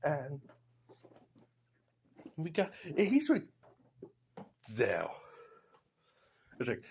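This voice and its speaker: A man's voice: a little high, huge pitch swings, very slow, vocal fry, pauses often, a little mellow, slightly rough. A man in a casual vlog, rambling through blunt opinions with loose asides. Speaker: vlogger.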